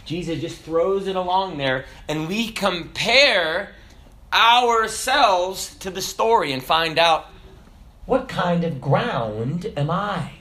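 A man's voice: high-pitched, slow pace. A man in his thirties with a Southern American accent, preaching a sermon in a folksy, joking way with many questions to the congregation. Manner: folksy and animated, jokes and rhetorical questions.

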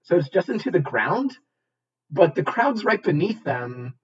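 A man co-hosting a casual movie-review podcast, sarcastic and quick to swear. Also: sits high, sing-song, slightly rough, muffled recording. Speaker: podcast co-host.

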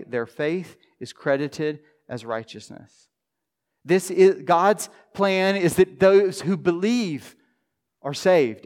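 Man preaching, slightly high voice, earnest sermon delivery, hushed prayer lines. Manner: earnest preaching, drops to a soft hush on quoted prayers. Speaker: pastor.

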